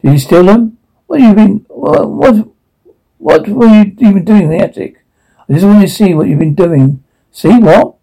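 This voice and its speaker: A man's voice: high voice, expressive, normal speed, gravelly, dark tone, slightly rough, exaggerated voice, poor audio. A man voicing an anxious teenage girl who keeps questioning and pressing her father. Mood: accusing.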